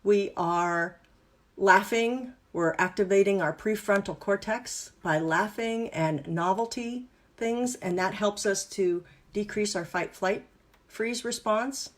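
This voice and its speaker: A woman's voice: mid-range voice, slow. Brief: woman coach, upbeat and playful, instructive workshop host. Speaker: wellness and business coach. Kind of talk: live online workshop teaching exercises.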